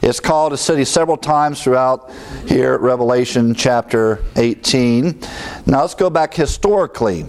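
A man's voice: mid-range voice, moderate pace, darkish tone. Man, pastor type, teaching scripture conversationally, off-the-cuff asides. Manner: conversational, with fillers and asides, chuckles at own remarks. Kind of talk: Bible teaching sermon.

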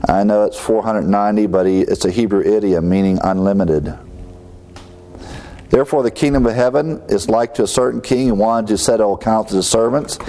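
A man's voice: on the low side, fairly quick, warm tone. A man teaching a sermon, reading scripture aloud and commenting on it with rising emphasis while walking around. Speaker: preacher.

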